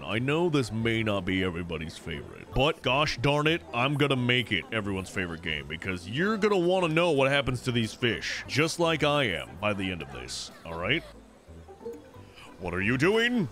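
A young man giving excitable, swear-filled let's-play commentary, yelling at the game as he plays. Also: mid-range voice. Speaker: gaming YouTuber.

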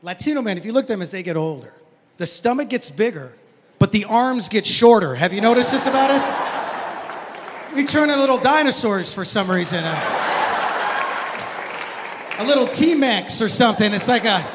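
A man doing a stand-up routine on a comedy stage, animated and slipping into characters. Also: high-pitched, normal speed, pauses often. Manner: animated, acting out characters in put-on voices. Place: comedy stage before a laughing audience. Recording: roomy hall with crowd noise.

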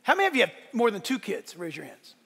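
High-voiced animated male pastor in reverberant hall. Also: quick pace, creaky, husky. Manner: animated preaching, swings from loud to hushed. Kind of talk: sermon. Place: church sanctuary. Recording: long church hall reverb.

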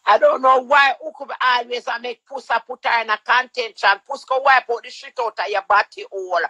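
A woman's voice: on the high side, fairly even intonation, a little fast, bright, forceful tone, no room sound. A woman scolding someone in a heated livestream argument. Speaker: livestream participant.

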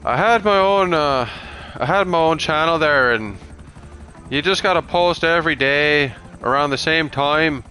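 A man's voice: fairly high pitch, a little slow, sharp tone, slight background noise, voice pushed up. A man voicing a male viewer with an Irish accent, telling how his channel got deleted. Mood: rueful. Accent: Irish, put on.

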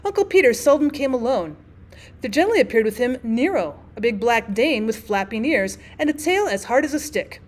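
A woman teacher reading a classic short story aloud, expressive, with an occasional stray filler word. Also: fairly high pitch, a little fast. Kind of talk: audiobook narration of a classic story.

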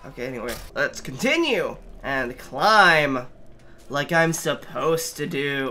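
A gamer giving let's play commentary, exasperated and swearing often, with sudden yelling outbursts at the game. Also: mid-range voice, animated, slow, slight background noise. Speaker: gamer playing through a platform game.

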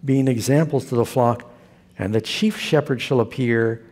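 A man's voice: mid-range voice, moderate pace, a little mellow, husky. A male pastor who preaches a sermon in a folksy, storytelling way.

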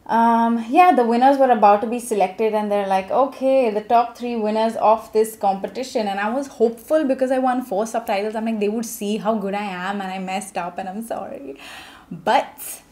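A young woman from India, telling her own story in a chatty, expressive vlog style with many fillers. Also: on the high side, moderate pace. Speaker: vlogger. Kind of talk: casual storytelling.

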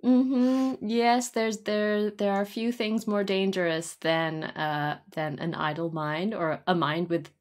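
A woman's voice: mid-range voice, steady tone, slow, hardly any pauses. A woman co-hosting a podcast, chatting casually and thoughtfully and giggling often. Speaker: podcast co-host. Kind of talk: casual chat.

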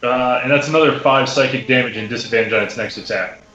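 A man's voice: fast, pushed and bright, dull audio. A man playing a tabletop game, playful and a little hesitant. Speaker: player. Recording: echoey low-fi sound with faint music.

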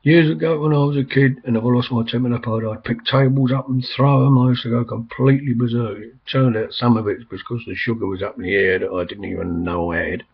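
A man's voice: medium pitch, fairly even intonation, fast, gravelly, hardly any pauses, breathy edge. An older man rambling in casual talk, full of ums and restarts. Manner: meandering, many ums and restarts. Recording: slightly dull, lo-fi recording.

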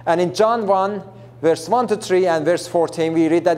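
A man's voice: high-pitched, moderate pace, a little mellow. A man preaching a Bible lesson in an earnest, emphatic way, repeating himself and restarting phrases as he explains. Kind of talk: Bible teaching.

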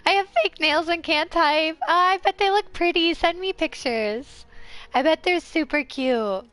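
Female streamer, congested and hoarse, high voice, unhurried giggly chat with viewers. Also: dry recording. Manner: bubbly and giggly, greets chatters excitedly. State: congested and hoarse from a sinus infection. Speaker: game streamer. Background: faint game music.

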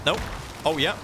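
Man hosting a gameplay stream, teasing and giggly, swings his pitch a lot. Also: background noise. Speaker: gaming channel host. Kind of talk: casual gameplay chat.

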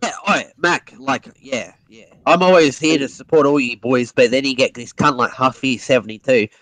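A man's voice: medium pitch, fairly even intonation, moderate pace, fairly bright tone, no echo, rough recording. A man from Australia on a casual livestream, rowdy and trading insults. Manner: rowdy, insulting, talks over others. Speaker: livestream guest.

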